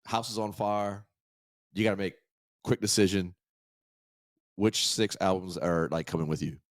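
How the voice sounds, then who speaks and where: A man's voice: deep voice, steady tone, normal speed. A man hosting a podcast in casual chat, laid-back and swearing, tossing in eager reactions. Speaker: podcast host. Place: podcast studio.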